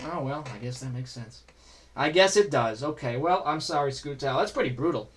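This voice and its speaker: A man's voice: medium pitch, lively intonation, a little fast. A man streaming a video game, chatting and joking casually as he plays and answers chat. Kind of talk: casual gameplay commentary.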